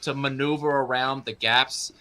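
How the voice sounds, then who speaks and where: A man's voice: medium pitch, fairly even intonation, moderate pace, bright, forceful tone. A young man co-hosting a casual sports talk, analytical and full of fillers. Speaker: co-host.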